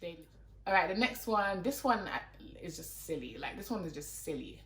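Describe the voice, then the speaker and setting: A woman's voice: fairly low pitch, sing-song, normal speed, a bit bright. A young woman with a London accent chatting to camera as a YouTuber, exasperated and talky, leaning on "like" a lot. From London, England. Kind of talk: casual chat to camera. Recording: roomy echo.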